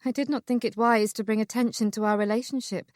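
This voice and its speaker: A woman voicing a spirited young lady who is bold and eager, asking quick questions in an audiobook. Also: fairly high pitch, steady tone, a little mellow, no room sound, clean studio sound, natural voice. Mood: guarded.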